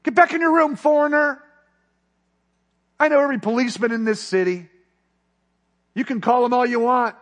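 A man's voice: extremely high pitch, normal speed, long pauses, pitched above the performer's own voice. A preacher acting out a contemptuous male child trafficker who threatens a foreigner in a raised, taunting voice. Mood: menacing.

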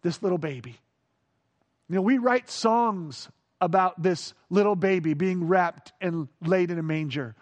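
A man preaching a sermon, moving from hushed awe to playful, animated emphasis. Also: high-pitched, a little slow. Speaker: pastor.

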